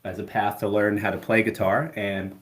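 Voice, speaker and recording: Deep-voiced rambling man. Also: moderate pace, a little hiss or hum. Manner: relaxed, rambling, many "you know" fillers. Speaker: guest musician. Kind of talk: casual interview chat.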